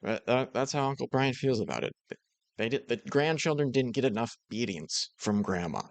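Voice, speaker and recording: A man reacting to a clip in casual commentary, relaxed and a bit hesitant with chuckling asides. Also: mid-range voice, normal speed, vocal fry, no echo.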